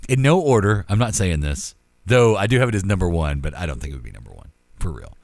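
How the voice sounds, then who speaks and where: A man's voice: low voice, big pitch swings, fast talker, vocal fry, darkish tone, dry recording. A man co-hosting a podcast in casual chat, reading out a list of favorite films with their years. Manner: reads a list of film titles and years. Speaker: podcast co-host.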